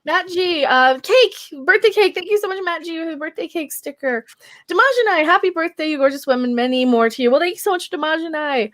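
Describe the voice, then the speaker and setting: A woman's voice: extremely high pitch, animated, fairly quick, fairly bright tone, no echo, studio quality. A woman hosting her birthday livestream, reading out super chats in a rambling, giggly, easily sidetracked way while stoned. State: tipsy and stoned.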